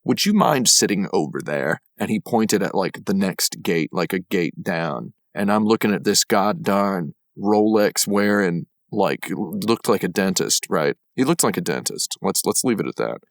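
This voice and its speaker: A man's voice: low voice, expressive, moderate pace, gravelly, few pauses, no room sound, studio quality. A man on a podcast panel, telling rambling stories full of fillers in casual chat. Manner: rambling storyteller with many fillers.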